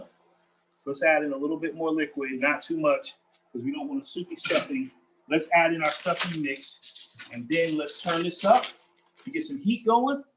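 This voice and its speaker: In a kitchen cooking demo, a chef with a fairly high-pitched, slightly bright voice talks straight to his viewers, calling them "y'all" and "family." He's upbeat and chatty, though the audio is poor with a little hiss or hum.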